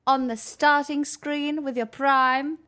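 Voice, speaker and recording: A woman's voice: high voice, steady tone, takes it slowly, sharp tone. A young woman hosting a live stream, chatting casually with her viewers in a playful, teasing way and laughing often. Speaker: livestream host chatting with viewers.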